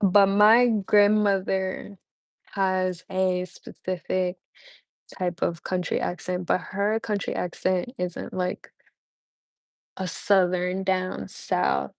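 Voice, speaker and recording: A woman's voice: medium pitch, level tone, takes it slowly, vocal fry, dry recording. A woman hosting a casual live stream chat, rambling with many fillers and laughing often. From United States. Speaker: livestream host.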